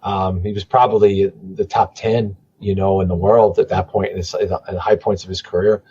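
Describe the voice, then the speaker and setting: A man's voice: sits low, level tone, normal speed, dark tone, highs cut off, slight background noise. A man talking casually on a podcast, rambling and swearing as he tells wrestling stories. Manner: rambling, profane, trailing into mumbles.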